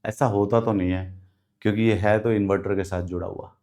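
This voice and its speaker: A man with an Indian English accent teaching an exam-prep lesson on a live stream, switching rapidly between Hindi and English in a chatty way. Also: lowish voice, steady tone, a little mellow.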